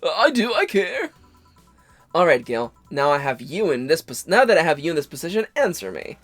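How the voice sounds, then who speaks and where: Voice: medium pitch, big pitch swings, fairly quick, fairly bright tone, no room sound, soft background music. A let's-play host reading game dialogue aloud and jumping between character voices.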